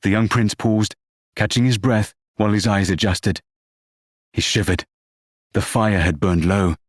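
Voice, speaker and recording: A man narrating an audiobook novel in a measured, expressive reading. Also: lowish voice, no room sound, studio quality.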